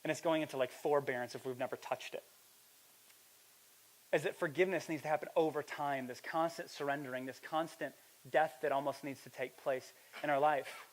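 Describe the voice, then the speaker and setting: A young male pastor with a noticeably high voice delivers a sermon. He tells a story casually, with slang and filler words. He builds into loud, animated preaching. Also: a little fast, a little hiss or hum. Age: young adult.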